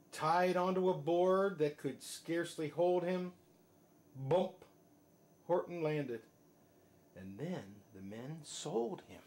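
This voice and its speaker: Brief: dad at bedtime reading, slow sing-song, slightly high voice. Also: male voice, slight background noise. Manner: sing-song rhythmic reading, dropping soft at line ends. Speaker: father reading to his child. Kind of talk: reading a rhyming picture book aloud.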